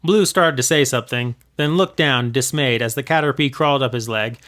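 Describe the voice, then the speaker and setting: A man's voice: medium pitch, a little fast, fairly bright tone. A man reading his own old fanfiction aloud, expressively, acting out the voices.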